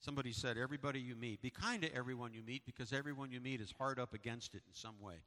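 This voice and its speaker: Bright-voiced pastor in reverberant church. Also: male voice, mid-range voice, racing. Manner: conversational storytelling with repetitions. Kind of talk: sermon and church announcements. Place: church sanctuary. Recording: long hall reverb.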